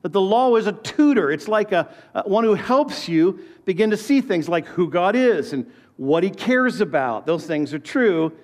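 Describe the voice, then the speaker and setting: High-voiced preacher in his fifties. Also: animated, normal speed, darkish tone. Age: 50s. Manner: conversational preaching with personal stories and questions to the congregation. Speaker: pastor. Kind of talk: sermon.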